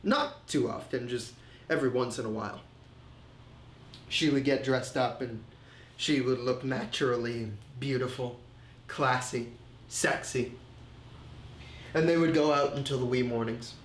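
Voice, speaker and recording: A man's voice: mid-range voice, a little hiss or hum, lightly acted. Arthur, a man playing a remorseful drinker. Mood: reflective. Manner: slow, halting, reflective storytelling. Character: remorseful man confessing his drinking and insecurity. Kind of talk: confessional film monologue. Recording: roomy echo.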